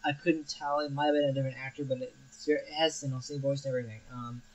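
A man's voice: mid-range voice, flat delivery, quick pace, dull audio. A young man hosting a film review show, talking casually and rambling with frequent restarts and fillers.

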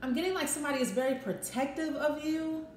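Woman doing a tarot reading, kinda high voice, roomy echo, faint hiss behind. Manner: thinks aloud, acts out quick quoted voices. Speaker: tarot reader. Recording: echoey room with faint noise.

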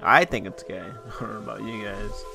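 A man's voice: lowish voice, normal speed, vocal fry, music in the background. A young man ranting sarcastically and profanely in a casual vlog, mocking his audience. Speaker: YouTuber.

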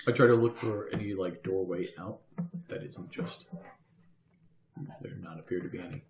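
A man's voice: deep voice, normal speed, slight background noise. Jokey young man in an echoey room. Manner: jokey, counts out loud. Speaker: player. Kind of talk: tabletop game play.

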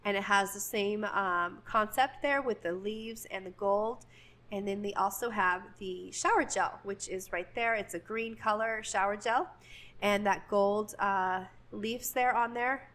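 Young woman vlogger, chatty and gushing, casual walk-through narration, mid pitch. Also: a bit bright.

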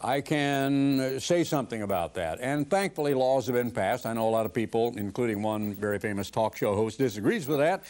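A man's voice: medium pitch, darkish tone. An older man giving a televised sermon in an earnest, conversational preaching manner.

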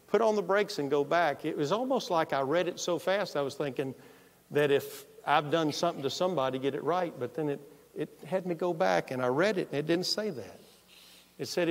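Male pastor, fairly high voice, animated storytelling sermon, long hall reverb. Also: fairly quick. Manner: storytelling, animated, quoting himself. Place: church sanctuary.

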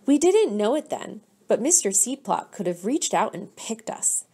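Slow-reading woman teacher. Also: mid-range voice, big pitch swings, slightly rough. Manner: slow, gentle, pauses to quiz children. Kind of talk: reading a picture book aloud to children.

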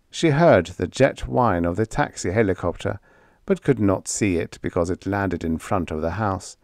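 A man reading a science fiction short story aloud in a measured, unhurried way. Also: low voice, creaky, darkish tone, no echo, clean studio sound. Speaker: audiobook narrator. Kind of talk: scripted narration.

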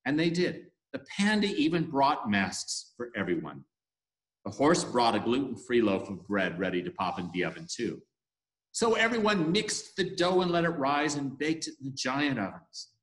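A man leading worship, telling a story for all ages with animated storytelling, in an echoey room. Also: medium pitch.

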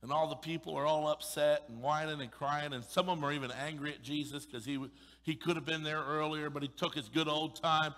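A male pastor preaching an emphatic, sarcastic sermon, swinging between loud pushes and sudden hushed asides. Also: fairly high pitch, steady tone, brisk, long reverb tail. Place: church sanctuary.

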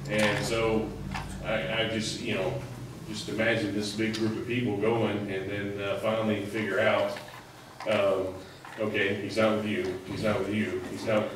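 Preacher in an echoey church hall. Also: male voice, fairly low pitch, noisy background. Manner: conversational, rambling with many fillers. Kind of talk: sermon. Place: church sanctuary. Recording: echoey hall, mic at a distance.

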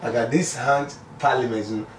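A man with a Ghanaian accent giving his view in a casual street interview, talking haltingly and mixing pidgin English and Twi. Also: mid-range voice, fairly even intonation. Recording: echoey, distant mic, faint noise.

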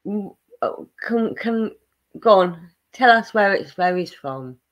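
Slow-talking woman, joking casually. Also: mid-range voice, highs cut off. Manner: relaxed, joking, acts out quoted reactions. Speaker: host. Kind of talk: casual chat.

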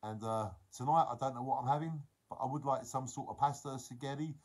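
A man's voice: medium pitch, fast, few pauses, darkish tone. A man, chatting casually to his viewers during a livestream, reading out their comments and encouraging them. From England. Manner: earnest, encouraging, emphatic.

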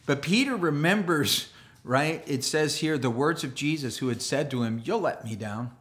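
Animated male pastor, sermon delivery, plays out quoted lines. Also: fairly high pitch, moderate pace. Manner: animated, acts out quoted voices, laughs often. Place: church.

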